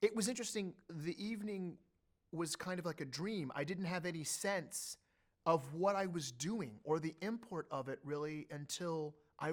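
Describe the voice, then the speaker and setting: A man telling an animated story as an interview guest, acting out what others said. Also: fairly high pitch. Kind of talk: conversational anecdote telling.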